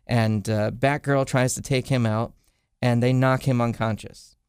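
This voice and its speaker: A man's voice: medium pitch, fairly even intonation, unhurried, darkish tone, clear, resonant tone, no room sound, clean studio sound. A man hosting a podcast, casually retelling a comic storyline with lots of "uh" fillers. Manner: rambling retelling with frequent "uh" fillers. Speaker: podcast host.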